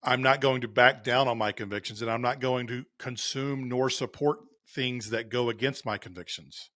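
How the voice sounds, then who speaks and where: A man of middle pitch on a dry, close mic, co-hosting a podcast conversation. He speaks in an earnest, measured way and sets up questions for his partner. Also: steady tone, a bit bright, no room sound. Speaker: podcast co-host.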